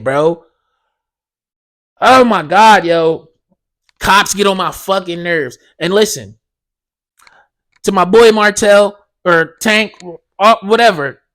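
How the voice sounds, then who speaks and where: A man's voice: high voice, fairly bright tone. A young man ranting profanely as a solo podcast host.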